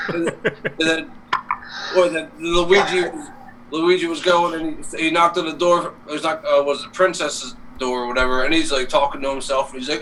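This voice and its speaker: Rambling profane man, bright tone. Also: fairly high pitch, flat delivery, normal speed. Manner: rambling, profane, many fillers. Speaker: co-host. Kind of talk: casual live-stream banter. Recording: distant mic, faint noise.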